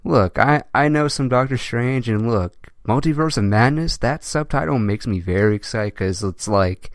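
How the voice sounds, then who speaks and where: Animated man in dry casual chat. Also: mid-range voice, moderate pace, no room sound. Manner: animated, laughs often, repeats himself. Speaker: podcast host. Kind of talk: casual movie news chat.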